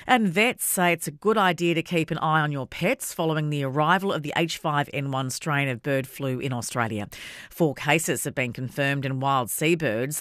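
A man reading a formal radio news bulletin in a measured way. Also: fairly high pitch, fairly bright tone, dry recording, studio quality. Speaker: newsreader. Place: radio studio.

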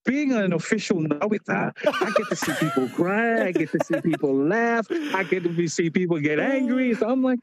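A man's voice: sits high, moderate pace, few pauses, noisy background. A man on a call into a morning show, telling stories with lots of laughter and restarts. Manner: laughing, energetic storytelling with many restarts. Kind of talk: casual chat on a phone line. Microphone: call-in line.

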